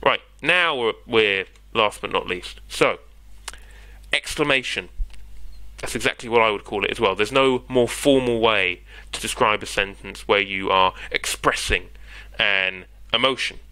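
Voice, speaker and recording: A man's voice: on the low side, measured pace, bright, forceful tone, no room sound, low-quality recording. A man with a British accent, patiently explaining grammar as a tutor in an online lesson and checking in with his listener. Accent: British English. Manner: patient, conversational, checks in with "yeah?".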